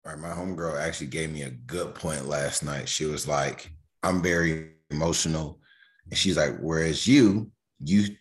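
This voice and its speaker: A man co-hosting a podcast, telling stories in relaxed casual chat and retelling what friends said. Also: a bass voice, normal speed. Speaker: podcast co-host.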